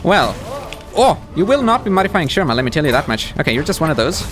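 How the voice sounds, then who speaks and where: A man's voice: a little high, fast, music in the background. A man doing live gameplay commentary as a streamer, talking back to the game's characters. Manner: animated, talks to the game characters.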